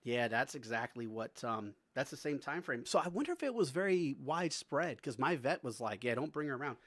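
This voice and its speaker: A man chats easily on a live stream, his voice sitting at an ordinary middle pitch and sounding close and dry with no room around it. He laughs often and drifts between talking to his viewers and coaxing his dog. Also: sing-song, moderate pace, a bit bright, dry recording. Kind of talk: casual live-stream chat.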